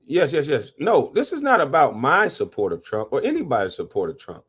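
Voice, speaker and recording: A man hosting a live reaction stream, talking animatedly, cursing and giving shout-outs to his chat. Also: medium pitch, huge pitch swings, fairly quick, breathy edge. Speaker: livestream reaction host.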